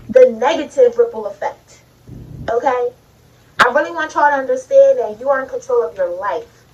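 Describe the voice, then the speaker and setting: High-voiced woman preaching casually from afar. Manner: casual, preachy, calls out to viewers. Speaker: vlogger. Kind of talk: motivational talk to camera. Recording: distant, dull lo-fi sound.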